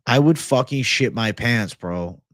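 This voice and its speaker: Young male MMA stream host, laid-back bro talk with profane outbursts, mid pitch, dead-dry room. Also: animated, a little slow, no echo. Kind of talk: casual livestream chat reading comments.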